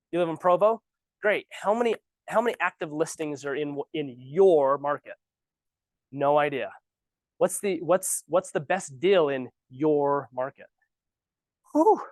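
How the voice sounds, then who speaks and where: A real estate trainer coaches new realtors in a casual training session in an office training room, ranting animatedly and tossing in sarcastic remarks. His slightly high voice comes through with no room sound.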